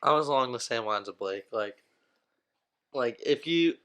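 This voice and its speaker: A man's voice: medium pitch, lively intonation, moderate pace, a bit bright, clear, resonant tone. A young man chatting casually with friends on a podcast, laid-back and slangy, saying "like" and "bro" a lot. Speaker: podcast co-host. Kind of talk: casual chat among friends.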